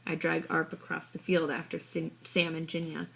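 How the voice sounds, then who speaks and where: A woman reading a children's story in the first person, with a soft, even, husky voice. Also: low-pitched, moderate pace. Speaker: audiobook reader. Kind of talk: storybook narration.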